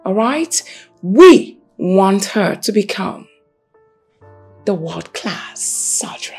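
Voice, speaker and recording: A firm, gravelly strict mother. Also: medium pitch, sing-song, extremely slow, a little mellow, faint music behind, heavily acted. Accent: Nigerian. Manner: firm, lecturing. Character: strict middle-aged mother set on her daughter's career.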